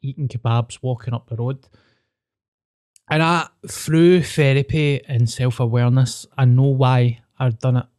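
A man's voice: mid-range voice, unhurried, no room sound, studio quality. Sweary Scottish man telling stories. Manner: sweary, animated storyteller. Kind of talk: casual storytelling chat.

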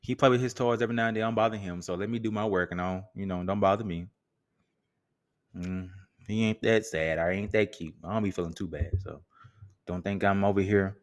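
A man talks through his solo podcast in a relaxed, joking way, full of slang and asides. His voice sits fairly low. He sounds easygoing and chatty. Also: fairly quick. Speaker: podcast host.

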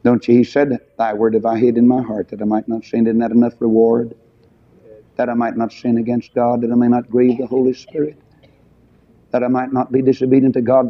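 Folksy older preacher, lo-fi. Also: male voice, medium pitch, dry recording. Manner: folksy, emphatic, rising to shouts on key phrases. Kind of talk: revival sermon. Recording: dull lo-fi sound.

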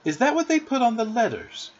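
A man's voice: a little high, wildly swooping pitch, normal speed, fairly bright tone, slightly rough, exaggerated voice. A man reading aloud and voicing a prim, courteous little girl who is a touch patronizing, on a muffled lo-fi recording. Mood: prim polite. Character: prim polite little girl playing hostess.

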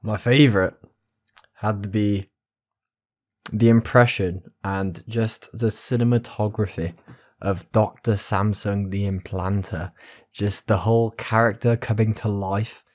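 Mock-serious man with a low voice. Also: steady tone, unhurried, a little mellow. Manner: mock-serious, giggly ribbing. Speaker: podcast co-host. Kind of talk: casual banter among friends.

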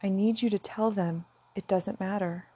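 A woman's voice: medium pitch, fairly even intonation, normal speed, warm tone, breathy edge, no echo, dull audio. Earnest woman vlogging, dry close sound. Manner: earnest, impassioned, sometimes near tears. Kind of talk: emotional direct-to-camera talk.

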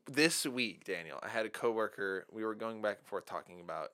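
A man co-hosting a laid-back movie podcast, his voice bright and ringing. He talks playfully and animatedly, often breaking into laughter as he retells scenes. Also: on the low side, expressive, a little fast. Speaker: podcast co-host. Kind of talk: casual movie podcast chat.

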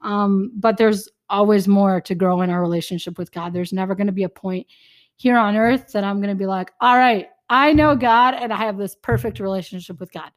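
Chatty young woman on a faith podcast, gets animated and acts out little conversations. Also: medium pitch, a little fast. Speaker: podcast co-host. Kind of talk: casual faith chat.

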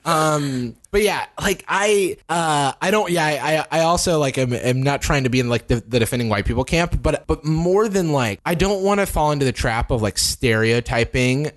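A man hosting a podcast in casual chat, animated and thoughtful, often restarting his sentences. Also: a little high, normal speed, few pauses. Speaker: podcast host.

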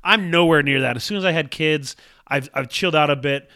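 Podcast co-host, male, excitable storyteller, forceful and fairly high voice, dry close recording. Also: a little fast, vocal fry, clear, resonant tone, no echo. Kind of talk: casual chat.

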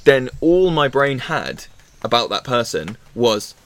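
Speaking slowly in a mid-range voice, this man is very animated as he chats casually. He used to teach and now runs a forest school, and his talk rambles, breaks off mid-thought, and includes quotes he performs aloud.

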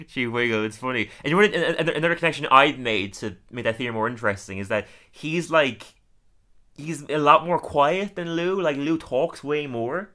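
A chatty male podcast host recapping a cartoon episode in relaxed talk. He laughs often and slips into quoted lines. His voice has a bright, sharp tone at an ordinary pitch. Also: moderate pace.

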